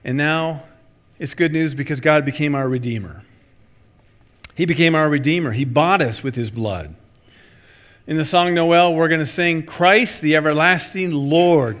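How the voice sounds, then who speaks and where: A man's voice: fairly high pitch, a little slow. A middle-aged male pastor preaching a sermon, telling stories with acted-out voices and repeating key phrases for emphasis. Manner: animated storytelling with acted-out voices.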